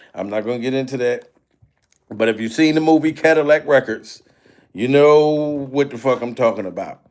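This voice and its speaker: Male livestream host with a high voice. Loose and profane, laughs a lot, thanks donors. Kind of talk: casual livestream chat.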